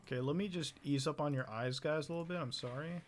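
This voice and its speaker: A man's voice: a little high, quick pace, slight background noise. A young man live-streaming, casually reacting to a video and chatting to his viewers with plenty of swearing.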